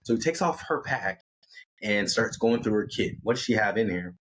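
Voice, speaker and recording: A man telling a story in a casual, conversational way, acting out the characters with lively delivery. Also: on the low side, normal speed, a little hiss or hum. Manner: conversational, animated, acts out characters.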